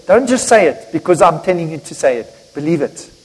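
An older man preaching a sermon to his congregation, emphatic and joking, swinging between loud and hushed delivery. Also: a little high, expressive, fairly quick, slightly rough. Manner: jokes and talks directly to the congregation. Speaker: pastor. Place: church hall. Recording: reverberant church hall.

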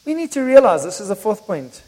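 A man's voice: high voice, sing-song, fairly quick, warm tone. A middle-aged man preaching a sermon in a church, telling personal stories in a conversational way. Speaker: pastor. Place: church hall. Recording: reverberant church hall.

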